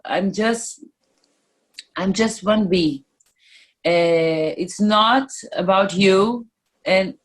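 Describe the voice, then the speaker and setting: In a casual interview, a woman musician with a medium-pitched voice answers slowly. English isn't her first language, Portuguese is, so she halts often, reaching for words while staying open and direct.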